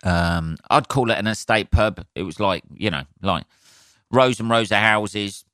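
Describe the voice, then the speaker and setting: A man's voice: lowish voice, a little slow, sharp tone, dry recording, studio quality. Sweary ranting Southern English man. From southern England. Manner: sweary, ranty, jokey asides to listeners. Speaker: podcast host, stand-up comedian. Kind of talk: solo podcast ranting.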